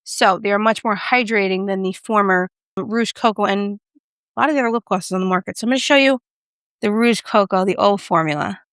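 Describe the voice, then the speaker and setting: A woman's voice: medium pitch, brisk, fairly bright tone, clear, resonant tone, no echo, studio quality. A woman from the United States, a beauty vlogger, chatting casually through a product review and joking about her own pronunciation.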